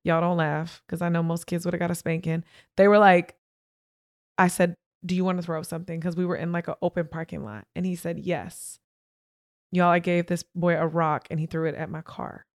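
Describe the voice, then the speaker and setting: A woman's voice: lowish voice, level tone, brisk, dry recording, studio quality. A young woman hosting a podcast, frankly and emphatically telling a personal story straight to her listeners. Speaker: podcast host. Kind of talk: candid personal storytelling monologue.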